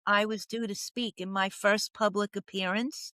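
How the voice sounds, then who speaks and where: A woman's voice: mid-range voice, steady tone, normal speed, pushed and bright, no room sound. An older woman telling her story as a podcast guest, dramatic, acting out the voices she quotes. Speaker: podcast guest, professional coach. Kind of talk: storytelling interview.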